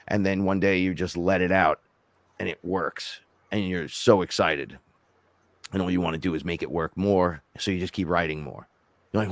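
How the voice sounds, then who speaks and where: A rapper co-hosting a podcast, telling rambling, animated stories in casual chat and quoting himself along the way. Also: male voice, deep voice, fairly quick, no room sound. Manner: rambling, animated storytelling with self-quotes.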